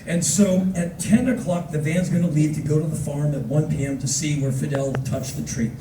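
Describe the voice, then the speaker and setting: An American man in his fifties telling a story on stage with an animated, wry, punchy delivery. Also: a little high, moderate pace, background noise. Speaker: spoken word performer. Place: concert venue on stage. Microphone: recorded from the audience. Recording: echoey distant audience recording.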